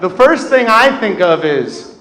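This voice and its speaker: A young man in his twenties doing a self-deprecating stand-up set on a comedy club stage, getting loud at the punchlines. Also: high-pitched, sing-song, measured pace, very noisy. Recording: roomy club with audience laughter.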